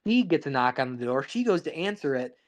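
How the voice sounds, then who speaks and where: A man's voice: fairly high pitch, very animated, brisk. A man co-hosting a podcast, chatting casually about movies, rambling with frequent restarts. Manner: rambling, restarts often, laughs along. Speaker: podcast co-host. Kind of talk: casual film chat.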